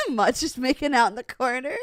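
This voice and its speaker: A woman's voice: high voice, measured pace, no echo, faint music behind. A young woman streamer chatting casually and animatedly with her viewers, laughing often. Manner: giggly, animated, talks straight to chat. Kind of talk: casual livestream chat with viewers.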